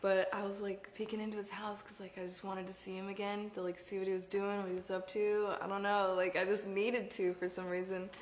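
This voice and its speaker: A woman's voice: mid-range voice, level tone, fairly quick, few pauses, reverberant, a little hiss or hum. A young woman guest telling a candid story, rambling with fillers and frequent giggles. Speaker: podcast guest. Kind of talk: candid storytelling, casual chat.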